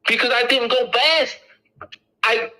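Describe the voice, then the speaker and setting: A middle-aged man lectures an audience in a high, sharp and forceful voice. He hammers each point with emphatic repetition, speaking casually but with insistence. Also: measured pace, rough recording.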